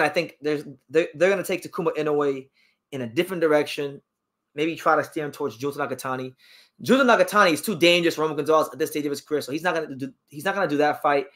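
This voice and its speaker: A man's voice: fairly high pitch, a bit bright. A man hosting a boxing talk stream, reading chat questions and giving strong opinions, often repeating words as he gets worked up. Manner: emphatic, opinionated, repeats words when fired up. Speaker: boxing talk show host. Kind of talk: live-stream boxing commentary answering chat.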